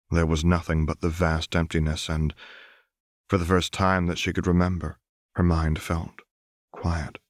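A man narrating fan fiction as an audiobook in a slow, measured, dramatic reading. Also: sits low, dry recording, studio quality.

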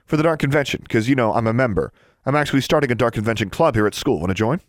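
A man's voice: medium pitch, animated, no room sound, studio quality, voice pushed up, close to an everyday voice. A man voicing a bold, defiant young witch schoolgirl who answers back sharply. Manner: sharp, defiant, quick retorts.

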